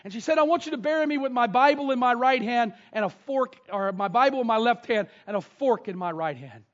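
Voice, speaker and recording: A pastor telling stories in a sermon, dropping to a hush and then rising to a shout. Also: male voice, extremely high pitch, lively intonation, fairly quick, dull audio. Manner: storytelling, swings from hushed to shouting. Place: church sanctuary.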